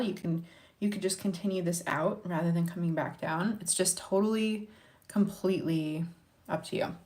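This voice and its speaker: This makeup vlogger, a young Montana woman, talks casually to viewers while she works, offering encouragement throughout the tutorial. She has a medium-pitched, slightly mellow voice.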